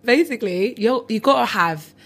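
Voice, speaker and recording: A young woman with a London accent, a comedian chatting as an interview guest, animated and quick to laugh. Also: on the high side. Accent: London English. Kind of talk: casual interview chat.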